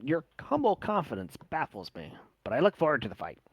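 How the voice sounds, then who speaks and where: A man voicing a polite male drow fight promoter with smooth salesman patter. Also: fairly high pitch, wildly swooping pitch, brisk, no room sound, pitched above the performer's own voice, exaggerated voice. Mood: businesslike.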